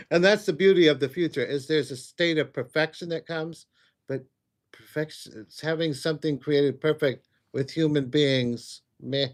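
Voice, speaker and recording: A man's voice: on the high side, a little slow. Chatty male psychic livestream host. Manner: chatty, rambling, answers viewer questions. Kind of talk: casual livestream Q&A.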